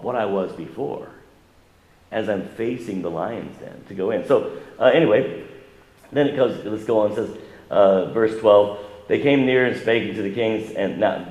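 A male pastor preaching a sermon in a casual, conversational way. He often asks the congregation questions and pushes his voice higher and louder to stress a point. The sound is roomy, with the long echo of a church hall. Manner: rises in pitch and volume for emphasis. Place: church sanctuary.

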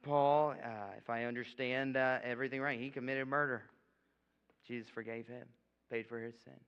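The recording, echoey and dull in a lo-fi way, comes from a church sanctuary where a young man preaches as a guest. His mid-range voice is steady, clean and moderately paced as he jokes casually, peppers in "okay?" asides, and gives an altar call.

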